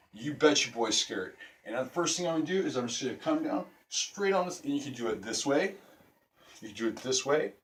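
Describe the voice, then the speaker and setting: A man's voice: fairly high pitch, a bit bright. A young man casually teaching a stick-fighting move in a video lesson, talking brash and profane. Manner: profane, brash street talk. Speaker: self-defense instructor.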